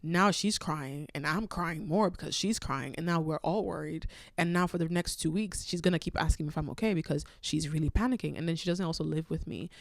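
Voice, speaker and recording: A woman's voice: sits low, fairly quick, vocal fry, hardly any pauses, no room sound, studio quality. A young woman hosting a solo podcast, telling a rambling, self-aware story with a congested voice from a cold. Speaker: podcast host.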